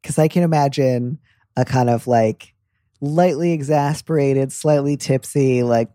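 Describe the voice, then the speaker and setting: A man hosts a casual advice chat, joking and playful as he talks things through. His voice is mellow and warm, at an ordinary middle pitch. The sound is dry and close, with no room echo. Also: unhurried. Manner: playful, jokey, animated impressions. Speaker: advice podcast host.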